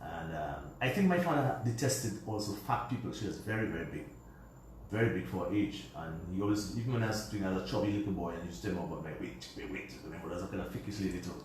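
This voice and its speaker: Speaking quickly in a low, darkish voice with lively intonation, a Dominican radio guest wanders colloquially through a family story and imitates his father when quoting him. The sound is very roomy, recorded from a distance, with a little hiss or hum.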